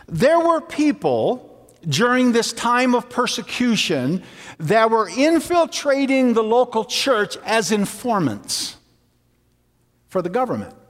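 High-voiced unhurried preacher man. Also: fairly bright tone. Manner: unhurried storytelling with jokes. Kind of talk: sermon. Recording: long hall reverb.

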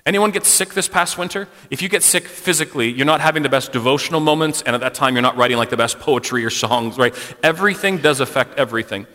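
A man preaches to a congregation in a loose, conversational way, often poking fun at himself as he tells stories. His voice is bright and clear. A long hall reverb trails each phrase. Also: mid-range voice, fast talker, few pauses. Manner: conversational, self-deprecating storytelling. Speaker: speaker addressing a congregation. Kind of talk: sermon with personal stories.

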